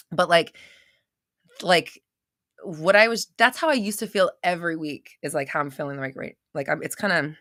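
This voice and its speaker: A young woman talks loosely and excitedly to her live-stream viewers and drops the odd swear word. Her tone is bright and forceful, and the sound is close and dry. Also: low-pitched, no room sound. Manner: chatty, swears, reads viewer comments aloud. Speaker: host of a live manifestation coaching stream. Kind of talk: casual live-stream talk.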